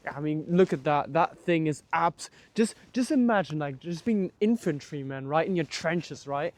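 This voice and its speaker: A young travel vlogger walks through a large war memorial park outdoors, rambling casually with many restarts and fillers. His voice is fairly high and animated at a moderate pace, and the recording is dry.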